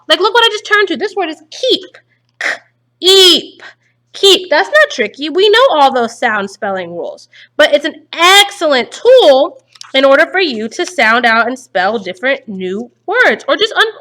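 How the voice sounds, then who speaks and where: Woman phonics teacher, high voice, slow and encouraging, recorded off-mic in a roomy space. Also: pushed and bright, recorded from a distance. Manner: slow, stretched-out sounding of words for young pupils; encouraging, upbeat praise. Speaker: primary school teacher. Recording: echoey room, voice somewhat off-mic.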